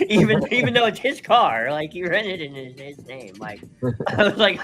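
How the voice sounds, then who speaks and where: Laughing, animated man telling a story. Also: mid-range voice, moderate pace, soft background music. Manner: animated, laughs between phrases, many fillers. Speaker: co-host. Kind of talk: casual storytelling on a live stream.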